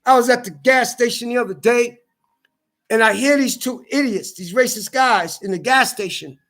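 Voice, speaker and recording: A social media commentator delivers a ranting monologue, heated and profane, full of stumbling restarts. His voice is extremely high-pitched and fairly bright, at a normal speed.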